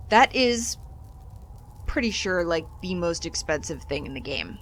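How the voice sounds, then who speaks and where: A woman's voice: on the low side, expressive, unhurried. A woman hosting a let's play, chatting casually and animatedly through the game with exasperated jokes. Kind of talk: casual gameplay commentary.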